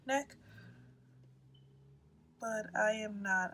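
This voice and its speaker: A woman's voice: medium pitch, fairly even intonation, takes it slowly, fairly bright tone, a little hiss or hum. A woman casually explaining a crochet project, sleepy and yawning, rambling with apologetic asides and dipping into whispers, recorded on a phone at home. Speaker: crochet tutorial host.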